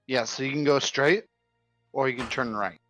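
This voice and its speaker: A man's voice: mid-range voice, normal speed, fairly bright tone, no room sound, soft background music. Rambling man running a tabletop game. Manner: loose, rambling narration full of "like". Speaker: game master.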